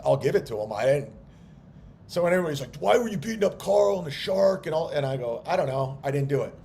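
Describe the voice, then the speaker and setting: Comedian on a livestream rant: a higher male voice, blunt, fed-up and defensive. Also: darkish tone, slight background noise. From United States. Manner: annoyed, defensive, blunt with frequent swearing. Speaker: stand-up comedian.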